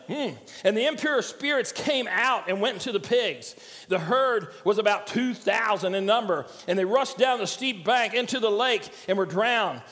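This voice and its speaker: Older joking pastor in a reverberant church. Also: male voice, high-pitched, fairly bright tone. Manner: conversational, joking storyteller. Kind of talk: sermon. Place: church sanctuary.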